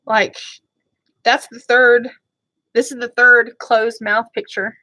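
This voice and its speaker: Woman vlogger, bright higher voice, chatty and apologetic, dry close mic. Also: little pitch movement, slow, no echo. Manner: chatty, rambling, often apologetic. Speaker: beauty vlogger. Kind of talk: casual chat.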